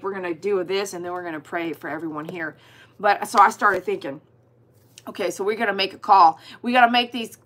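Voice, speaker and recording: A woman chatting casually with viewers on her livestream, animated and exclaiming as she reads comments aloud. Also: fairly high pitch, breathy edge. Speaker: dog groomer hosting a livestream.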